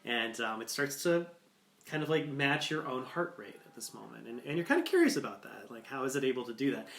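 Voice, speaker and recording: A man's voice: mid-range voice, very animated, brisk, vocal fry, a bit bright. A man narrating as game master of a tabletop game, rambling with many fillers. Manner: rambling, full of likes and ums. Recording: echoey room.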